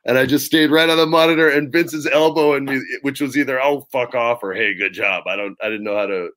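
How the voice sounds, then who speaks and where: A middle-aged man, a guest in an interview, telling casual anecdotes in an animated way, swearing freely and acting out what others said. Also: mid-range voice, fast. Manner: animated, swears freely, acts out quoted lines.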